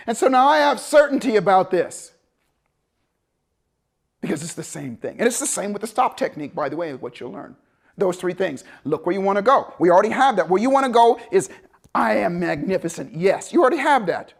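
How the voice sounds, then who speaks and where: A man speaking as a motivational speaker in a storytelling seminar talk, animated and acting out the people he quotes. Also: high-pitched, brisk, gravelly.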